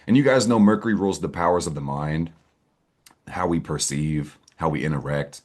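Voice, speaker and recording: A man's voice: a bass voice, normal speed, darkish tone. A man talking through an astrology forecast in a casual vlog, brash and slangy, swearing freely and hyping up his viewers. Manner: brash, profane, slangy and hyped. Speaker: astrology content creator.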